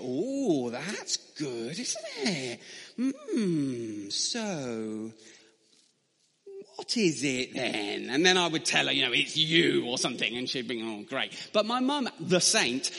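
A man's voice: high voice, pushed and bright, big-room sound. A man telling a funny, self-deprecating story as a preacher in a sermon. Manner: humorous, self-deprecating anecdotes.

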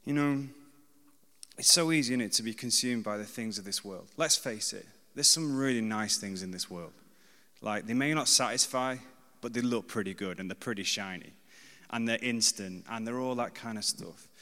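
A man's voice: fairly low pitch, normal speed, bright, forceful tone, long reverb tail. A man in his thirties preaching a sermon in a conversational, self-deprecating way, repeating key phrases for emphasis.

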